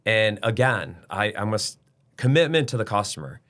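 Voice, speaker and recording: 低沉直率的中年男人. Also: male voice, on the low side, animated, moderate pace, a bit bright. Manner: blunt and emphatic, with mild swearing. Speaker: business owner guest. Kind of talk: casual interview talk.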